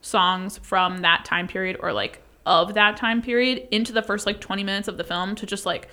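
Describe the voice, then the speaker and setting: Bright, wry young woman podcast host. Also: medium pitch, steady tone. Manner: quick, wry, chatty with laughs. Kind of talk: casual chat.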